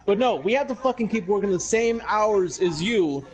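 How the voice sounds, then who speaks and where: Young man, podcast host, profane, rambling, slightly high voice. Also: lively intonation, normal speed, hardly any pauses, faint music behind, rough recording. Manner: profane, rambling, heated ranting. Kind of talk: casual podcast chat.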